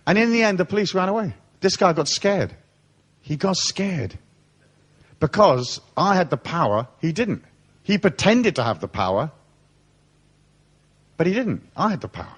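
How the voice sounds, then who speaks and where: A man giving a live seminar, telling blunt, profane stories in a lively way. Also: high voice, normal speed, pauses often. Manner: animated storytelling, blunt and profane. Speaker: seminar speaker. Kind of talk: live seminar talk with anecdotes.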